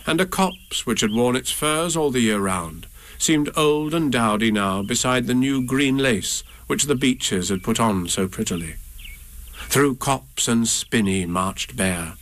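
A man reading a children's storybook aloud in a gentle, measured way. His voice is mid-pitched and he takes his time, letting each phrase settle. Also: lively intonation. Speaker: narrator.

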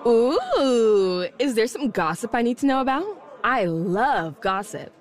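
A woman's voice: a little high, very animated, slow pace. A woman playing a nosy, gossip-loving schoolgirl with a sing-song delivery in an audio drama.

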